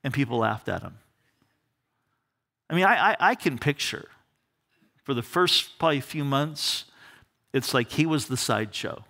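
A male pastor teaching a verse-by-verse Bible study in church, animated and often repeating words as he starts a thought. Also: on the high side, normal speed. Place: church during a live service.

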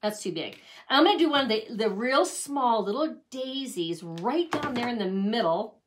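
A woman's voice: a little high, expressive, moderate pace, noisy background. A middle-aged woman hosting a casual craft tutorial, chatty and gushing over her handmade pieces. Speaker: craft channel host.

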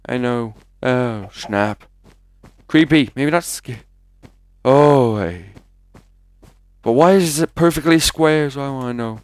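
A man's voice: medium pitch, unhurried, darkish tone, no room sound. A man giving rambling live commentary while playing a video game, chatty and prone to jumpy exclamations. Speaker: gaming commentator. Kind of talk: live let's-play commentary.

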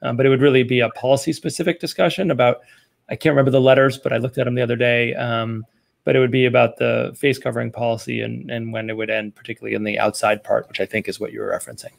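A man with a heavily gravelly, creaky voice talks quickly and loosely at a committee meeting. His remarks ramble in a casual, conversational way over a video call. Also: mid-range voice, flat delivery.

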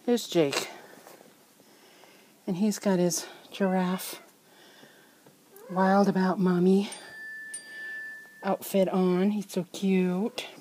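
A woman's voice: mid-range voice, little pitch movement, dark tone, slight background noise. A woman hosting a casual vlog from her home nursery, showing off her doll collection in a chatty, doting way and sounding a little out of breath. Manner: chatty, doting, halting with fillers and restarts. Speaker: reborn doll collector, channel host. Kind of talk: casual show-and-tell vlog. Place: home nursery room, indoors.

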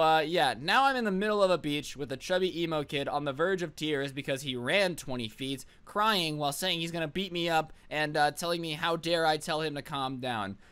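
A storytime vlogger tells his audience a funny personal story, sarcastic and mocking, rambling from one joke to the next in a comedic monologue. His voice is fairly high and fairly bright, with a clean tone.

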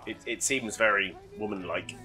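Sweary gamer, bright voice. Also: male voice, lowish voice, moderate pace. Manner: sweary, rambling, self-mocking. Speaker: gaming YouTuber. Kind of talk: casual gameplay commentary.

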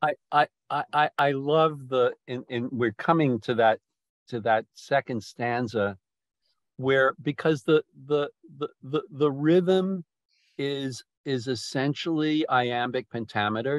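A man's voice: medium pitch, takes it slowly, no room sound. A man leading a poetry discussion, speaking thoughtfully, restarting phrases and lingering over words.

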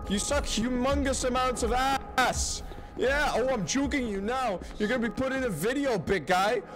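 A young man chatting loudly and excitably while gaming online, often yelling and laughing. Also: very high-pitched, normal speed, music in the background. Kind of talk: casual gaming chat.

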